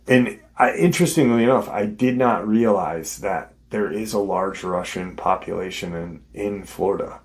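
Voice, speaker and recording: A man hosting his show, casually retelling a witness's story in a conversational way. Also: low-pitched. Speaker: host.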